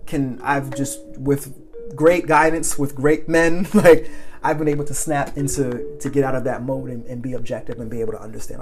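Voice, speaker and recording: A man hosting a podcast, telling a personal story in a rambling, animated way, often laughing and acting out what people said. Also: fairly high pitch. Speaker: podcast host. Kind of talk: casual storytelling monologue.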